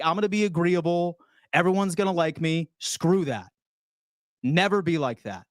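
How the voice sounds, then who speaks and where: A man's voice: fairly high pitch, no room sound, studio quality. Fired-up man ranting about football. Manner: loud, profane, fired-up ranting. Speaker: sports channel host. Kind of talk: fan rant reading chat.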